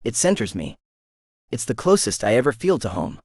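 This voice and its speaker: A man narrating a first-person romance audiobook in an expressive, animated way. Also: medium pitch, moderate pace, breathy edge, no echo, clean studio sound.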